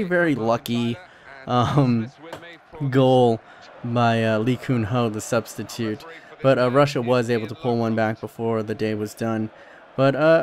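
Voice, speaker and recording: A young man talks over his football game footage in a loose, chatty way. He rambles, restarts his sentences and fills gaps with ums and uhs, like a channel host chatting to his regular viewers. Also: medium pitch. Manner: rambling, many fillers and restarts. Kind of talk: casual commentary over gameplay.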